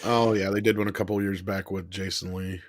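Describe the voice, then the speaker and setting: A man with a fairly low voice co-hosting a casual live stream. He jokes around and chuckles between remarks in an easygoing back-and-forth. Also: level tone, brisk. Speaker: co-host of an online entertainment news show.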